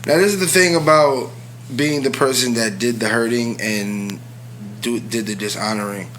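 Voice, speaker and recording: A man co-hosting a casual relationship podcast, candid and confessional, often dropping to a low, quiet tone. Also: normal speed, a little hiss or hum. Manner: swears freely. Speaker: podcast co-host.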